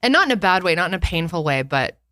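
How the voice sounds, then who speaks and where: A woman's voice: fairly low pitch, sing-song, quick pace, a bit bright, no echo, studio quality. A young pregnant woman co-hosting a podcast, chatting candidly and tiredly, laughing often and swearing freely. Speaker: podcast co-host. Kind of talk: casual chat.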